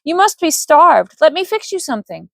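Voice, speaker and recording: Woman doing a high, fussing young woman, clingy and eager, storybook reading. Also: big pitch swings, normal speed, gravelly, a bit bright, no room sound, studio quality, heavily acted.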